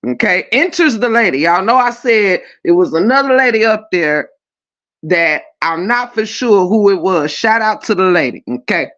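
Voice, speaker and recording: Livestream host telling a story to chat, super lively pitch, cusses a lot, dull lo-fi sound. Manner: animated and profane, with frequent laughing fits; drawn-out emphatic delivery. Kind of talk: casual storytelling to a live chat.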